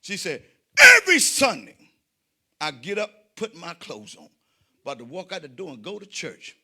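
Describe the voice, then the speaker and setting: A man doing a stand-up comedy set, loud and preacher-like, with dramatic swings between shouting and quiet asides. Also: high voice, wildly swooping pitch, moderate pace, breathy edge.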